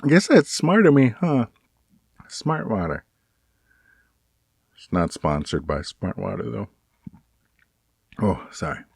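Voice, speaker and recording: Low-voiced man venting in a vlog. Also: huge pitch swings, gravelly, a little mellow, slightly rough, no echo, studio quality. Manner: rambling, halting, with many restarts; earnest and aggrieved. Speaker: vlogger. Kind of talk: casual personal vlog monologue.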